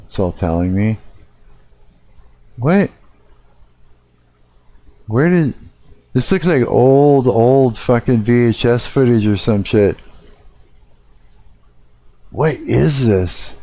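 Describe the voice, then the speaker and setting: A man's voice: fairly low pitch, slow pace, pauses often, dark tone. A man live-streaming, reacting casually to a video, laughing often and swearing as he thinks aloud.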